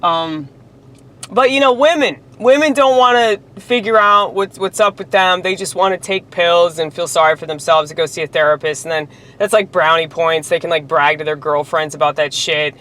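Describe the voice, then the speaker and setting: A woman's voice: lowish voice, moderate pace, fairly bright tone. Heated, profane woman ranting. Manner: profane, heated, rambling with fillers. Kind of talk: angry monologue rant.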